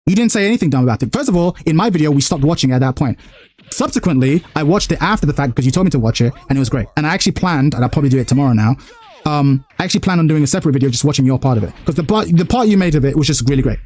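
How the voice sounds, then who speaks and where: Young guy streamer ranting fast in casual chat, slightly high voice, does little voices for quotes. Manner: fast, animated arguing with acted-out quotes. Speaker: streamer host.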